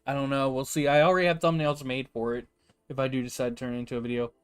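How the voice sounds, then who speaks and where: A young man livestreaming, reading names aloud and reacting in an animated, chatty way. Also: mid-range voice, fast talker, soft background music. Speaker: streamer. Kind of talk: casual livestream chat.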